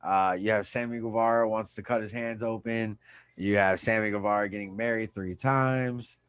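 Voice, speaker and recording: A man's voice: lowish voice, fairly even intonation, moderate pace, smooth. Joking, profane podcast co-host man. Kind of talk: casual chat.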